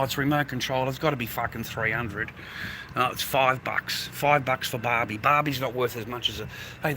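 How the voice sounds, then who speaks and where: An Australian man vlogging casually, rambling and swearing as he talks to his viewers and calls them mate. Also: mid-range voice. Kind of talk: casual ranting vlog. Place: outdoors on streets and in shops. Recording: noisy street recording with traffic.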